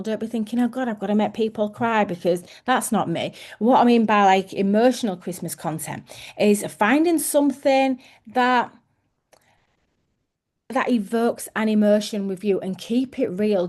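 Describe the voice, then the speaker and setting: A woman's voice: medium pitch, a little mellow. A woman in her thirties giving a chatty coaching talk to her sales team as team leader, with many fillers and restarts.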